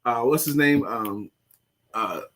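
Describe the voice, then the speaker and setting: A middle-aged man co-hosts a relaxed live show. He tells a story in a halting, easygoing way, full of restarts and fillers. He chuckles as he reaches the punchline. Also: mid-range voice. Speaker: co-host.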